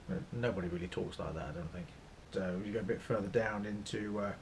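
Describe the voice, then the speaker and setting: A man's voice: on the low side, fairly quick, a little hiss or hum. A man from Norfolk, England with an East Anglian accent, chatting casually in a vlog and rambling a little as he mocks himself. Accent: East Anglian English. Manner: rambling, self-mocking, trying out accents. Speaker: vlogger. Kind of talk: casual chat.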